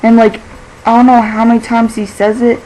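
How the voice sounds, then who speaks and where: A woman's voice: fairly high pitch, flat delivery, mellow, slight background noise, rough recording. A teenage girl vlogging in a rambling, casual way, filling her talk with "like" and laughing easily. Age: teens. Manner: chatty and scattered, fills every pause with "like", laughs easily.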